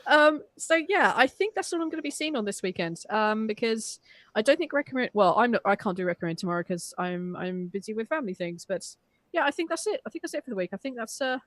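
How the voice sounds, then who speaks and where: Young female co-host, slightly high voice, enthusiastic and swearing, dry close recording. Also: animated, fast, fairly bright tone, dry recording. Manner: enthusiastic, gushing, swears freely, restarts often. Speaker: podcast co-host. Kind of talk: casual chat.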